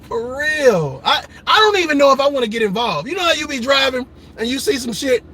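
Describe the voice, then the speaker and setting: A man doing a loud, profane comedic rant, laughing often and slipping into mock voices. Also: very high-pitched, sing-song, a little fast, breathy edge. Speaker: comedic commentator.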